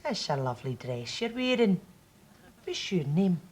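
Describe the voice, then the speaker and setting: An actress with a Scottish accent playing a creepy woman who sweet-talks a little girl in a wheedling, drawn-out voice. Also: lowish voice, big pitch swings, darkish tone, slightly rough, heavily acted. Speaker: sketch comedy actor. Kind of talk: TV sketch comedy acting.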